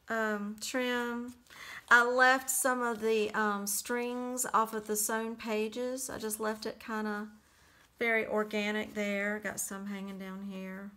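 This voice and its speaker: Bright-voiced woman chatting through her journal. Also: on the high side. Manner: chatty, relaxed, many fillers. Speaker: crafter showing a handmade journal. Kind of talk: casual flip-through narration.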